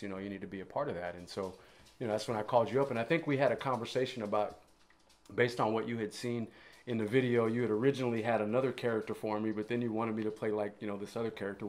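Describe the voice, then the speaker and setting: A man chatting as a podcast guest, laid-back and full of easy fillers. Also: on the low side. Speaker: guest, musician and actor. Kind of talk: casual chat.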